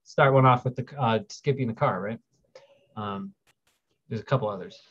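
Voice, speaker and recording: A man hosts a casual livestream, rambling as he reads out viewer questions and answers them. His medium-pitched voice is a bit bright with a breathy edge, at a moderate pace, over dull lo-fi stream audio.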